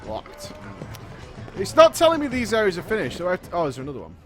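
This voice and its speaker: A man's voice: sits high, huge pitch swings, fast, a bit bright, soft background music. A man casually commenting while playing a video game, joking and reading things aloud. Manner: chatty, jokey, reads in-game text aloud in a mock dramatic voice. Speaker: game streamer. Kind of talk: casual let's-play commentary.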